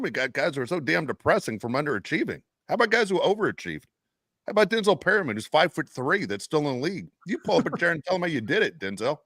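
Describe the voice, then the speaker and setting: A man co-hosting a podcast, telling animated stories and ranting with plenty of cursing in casual chat. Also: a little high, fast, no echo, studio quality. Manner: animated, profane ranting storyteller. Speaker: podcast co-host.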